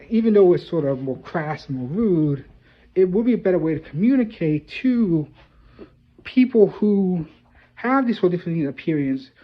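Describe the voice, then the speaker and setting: A man hosting his own video, explaining ideas in a thoughtful, loose way with many filler phrases. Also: fairly high pitch. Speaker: video host. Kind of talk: casual commentary to camera. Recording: dull lo-fi audio.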